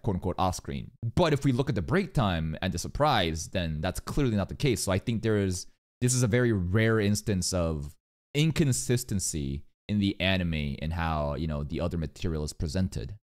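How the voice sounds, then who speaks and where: A man reacting to a video with casual commentary, animated and profane, rambling with many fillers. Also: low-pitched. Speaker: reaction streamer.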